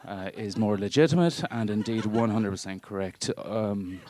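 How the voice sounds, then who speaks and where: A man in his thirties performing stand-up on a club stage. He talks in a fairly low voice. His delivery is dry and pedantic, as if he were correcting a lecture, and he speaks into a handheld mic. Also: normal speed, mellow. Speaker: stand-up comedian and marine biologist. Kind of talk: stand-up comedy set. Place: comedy club stage before a live audience.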